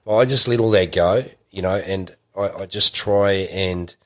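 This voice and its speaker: Middle aged aussie guy, kinda low voice, rambles a lot, lots of you know like. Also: moderate pace. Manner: rambling, many fillers and restarts. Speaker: podcast guest. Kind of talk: casual interview chat.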